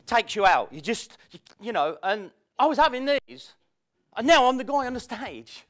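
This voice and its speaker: A man's voice: very high-pitched, animated, moderate pace, fairly bright tone. A man giving a chatty, self-mocking motivational talk to a live audience, with spontaneous storytelling. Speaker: motivational speaker. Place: seminar room with audience. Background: audience laughter.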